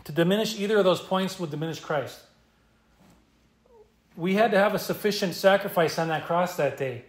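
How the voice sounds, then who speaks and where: A man's voice: sits high, moderate pace, echoey room. A male pastor preaching an expository sermon, emphatic and repeating key phrases for stress. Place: church.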